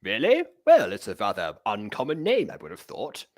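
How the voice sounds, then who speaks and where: A man's voice: medium pitch, wildly swooping pitch, normal speed. A man voicing a formal, pompous time traveler. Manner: formal, stiff.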